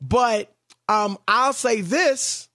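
Male sports-talk host, high-pitched, dry close mic, emphatic delivery. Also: drawn-out words, bright, forceful tone, no room sound.

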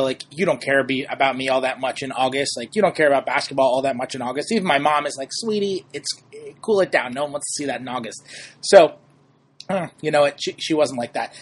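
A young man from New York hosts a casual sports podcast with a husky, slightly raised voice. He talks in a chatty, upbeat way, tossing in self-deprecating asides. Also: on the high side. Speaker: podcast host.

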